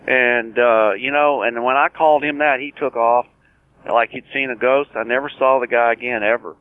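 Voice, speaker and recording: A man's voice: medium pitch, fairly even intonation, moderate pace, no room sound. A man in his sixties, a guest telling his story of surviving cancer in an earnest, plain-spoken way, often restarting his sentences and acting out past conversations. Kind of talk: personal storytelling interview. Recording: tinny phone line.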